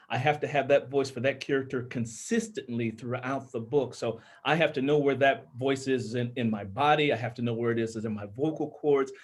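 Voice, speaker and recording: A man from Minnesota, an author and audiobook narrator, explaining his craft earnestly in casual panel chat, with a tenor voice and many restarts. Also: mid-range voice.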